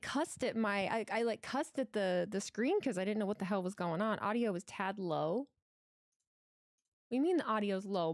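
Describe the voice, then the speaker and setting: A woman's voice: mid-range voice, no echo. Woman streamer host, swearing, giggly, casual chat, dry close headset sound. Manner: chatty, profane, giggly. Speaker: livestream host. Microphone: headset with mic monitoring.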